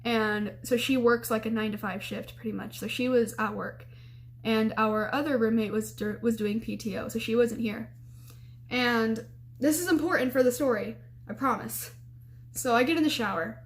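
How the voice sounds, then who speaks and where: A young woman casually telling a story in a vlog, chatty and animated, with lots of fillers and restarts. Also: a little high, normal speed.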